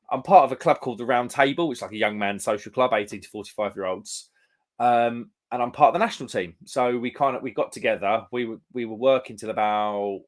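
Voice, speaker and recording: Chatty young English man, live stream host. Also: mid-range voice. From England. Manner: chatty, rambling, says "mate" and "um" a lot. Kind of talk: casual chat reading out live comments.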